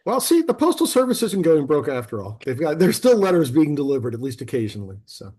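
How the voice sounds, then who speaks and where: A man hosting a fintech podcast, talking in a chatty, animated way with frequent restarts. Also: on the high side, fast. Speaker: podcast host. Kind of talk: casual podcast conversation. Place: local to Atlanta.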